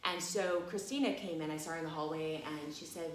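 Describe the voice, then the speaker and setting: Animated woman telling a story, echoey room. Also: deep voice, brisk, a little hiss or hum. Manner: animated, laughing, many fillers like "you know". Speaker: massage college teacher. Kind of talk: casual storytelling talk.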